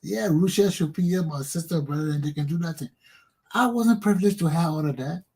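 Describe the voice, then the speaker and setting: A man with a Liberian English accent hosting a talk show, telling profane personal stories with animated, laughing delivery. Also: a little high, fairly quick, husky. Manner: animated, profane, laughs often, acts out quotes loudly. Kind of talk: casual storytelling monologue.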